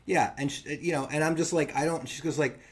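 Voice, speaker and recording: A man with a slightly high voice co-hosts a casual podcast. He tells a funny story with lots of energy and acts out the lines of the people in it. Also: steady tone, brisk, slight background noise. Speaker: podcast co-host.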